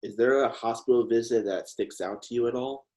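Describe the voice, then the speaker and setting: A man's voice: mid-range voice, brisk, a little mellow. A man hosting an interview, asking questions and giving brief supportive prompts. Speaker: host.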